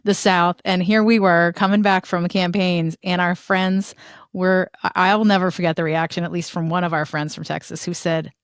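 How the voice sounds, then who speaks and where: Lower-voiced middle-aged woman host. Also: steady tone, moderate pace, clear, resonant tone, dry recording, studio quality. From Northeast US. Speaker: podcast host. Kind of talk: conversational interview.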